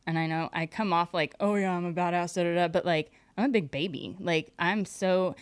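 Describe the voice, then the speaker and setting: A woman in her thirties speaks candidly as a podcast guest, her voice lowish and smooth. She talks in a chatty, personal way, full of "like", and the sound is close and dry. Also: no echo. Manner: candid, fast talking, uses "like" often. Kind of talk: emotional personal story.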